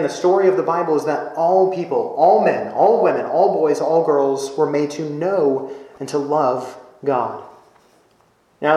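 A man preaching a sermon as pastor, earnest and explanatory, often checking in with his listeners with a quick "right?". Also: a little high, darkish tone, echoey room, low-quality recording.

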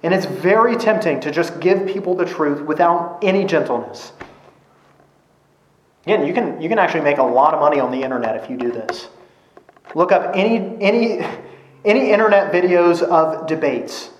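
A man's voice: fairly high pitch, expressive, normal speed. A man preaching a sermon in an earnest, emphatic way, driving points home with repetition. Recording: echoey room.

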